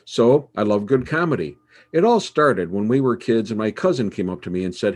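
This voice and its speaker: A man's voice: lowish voice, moderate pace. A man hosting his own show and telling jokes in a playful storytelling way. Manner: animated, playful delivery.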